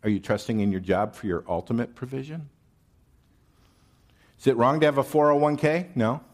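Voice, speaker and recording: A man's voice: medium pitch, moderate pace. A male pastor preaching a sermon in a conversational, wry manner, asking his listeners questions.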